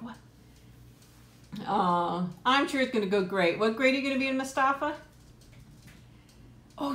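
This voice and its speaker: A woman's voice: mid-range voice, roomy sound. A middle-aged woman hosting a casual live chat from home on a tablet, laughing often and cooing at her pet. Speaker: live stream host.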